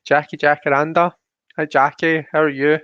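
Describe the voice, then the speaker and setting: A man's voice: fairly high pitch, level tone, moderate pace, fairly bright tone, smooth, dry recording. A man hosting a casual live stream, chatty as he greets viewers by name and reads the chat aloud. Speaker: livestream host. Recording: dull, dry lo-fi stream audio.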